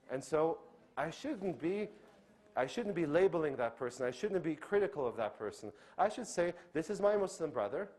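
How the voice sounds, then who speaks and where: A man's voice: on the high side, darkish tone. A man, a doctor giving an earnest religious lecture, who asks the audience questions, answers them himself and often checks in with "okay?".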